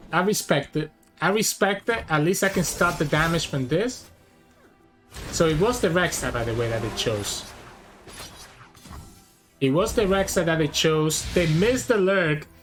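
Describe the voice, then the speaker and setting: A man's voice: a little high, expressive, measured pace, long pauses, fairly bright tone, soft background music. A man giving live gameplay commentary on a card game, thinking aloud and weighing each play as he goes.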